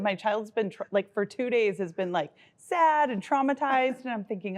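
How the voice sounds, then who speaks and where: A woman's voice: mid-range voice, a little fast, hardly any pauses. A middle-aged woman co-hosting a podcast with her daughter, telling stories affectionately with frequent laughter. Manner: warm, laughing, affectionate storyteller. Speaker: podcast co-host, mother. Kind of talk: casual chat.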